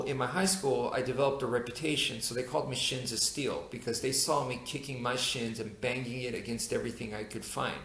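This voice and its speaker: A man tells an old personal story in a loose, rambling way, full of fillers, restarts and self-mocking asides. His voice bounces around a noticeably echoey room. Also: mid-range voice. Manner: rambling, many fillers and restarts, laughs at himself. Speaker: YouTuber telling a personal story. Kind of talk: casual storytelling to camera.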